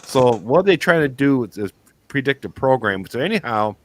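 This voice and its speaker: A man's voice: mid-range voice, animated, brisk, a little hiss or hum. A man co-hosting a talk show, telling a story in a rambling way with many restarts. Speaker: co-host. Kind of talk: casual chat.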